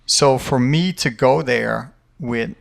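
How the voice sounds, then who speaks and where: A man with a gravelly, creaky voice tells a fight story in a loose, casual way. He swears freely and gets animated as he talks. His pitch sits in a middle range. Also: slow. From Ireland. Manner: animated, profane anecdote telling. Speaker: podcast host and fight coach.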